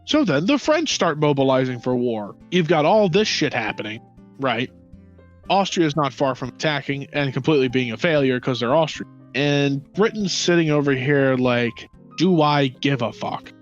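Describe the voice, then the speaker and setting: A man's voice: mid-range voice, lively intonation, moderate pace. A man in a casual history chat, profane and sarcastic, acting out nations in mocking quoted voices. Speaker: podcast co-host. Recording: dull lo-fi sound with faint music.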